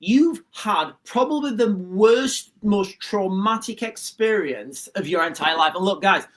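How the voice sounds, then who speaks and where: Man, forties, high voice, livestream host, casual political commentary, repeats himself, says guys a lot. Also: lively intonation, a little slow, fairly bright tone. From Rotherham, England. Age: 40s.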